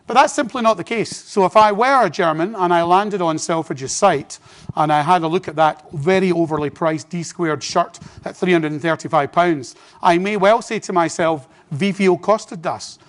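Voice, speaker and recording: English man, forties, conference presenter; chatty, self-deprecating, a touch high-pitched. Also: moderate pace. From Britain. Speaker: conference speaker. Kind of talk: business presentation. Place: conference hall.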